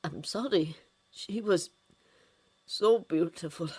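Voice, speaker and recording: A woman reading a fanfiction story, voicing a smooth-talking older male ruler who is patient and condescending. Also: fairly low pitch, expressive, moderate pace. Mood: wistful.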